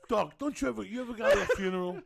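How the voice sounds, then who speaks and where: A man with a deeply gravelly voice tells crude, irreverent stories, his pitch swinging around a lot. A crowd can be heard behind him. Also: lively intonation, rapid-fire. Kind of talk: comedic storytelling.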